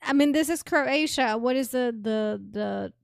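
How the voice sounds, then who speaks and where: A woman's voice: high voice, a little slow, vocal fry, smooth, no room sound, studio quality. A woman co-hosting a casual podcast chat, playful and laughing often as she tries out foreign pronunciations. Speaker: podcast co-host.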